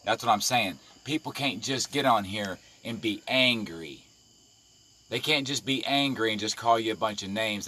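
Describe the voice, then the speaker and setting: A man's voice: on the low side, bright, forceful tone. Furious, foul-mouthed man ranting. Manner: profane, confrontational, heated. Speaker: live-stream vlogger. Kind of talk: angry live-video rant.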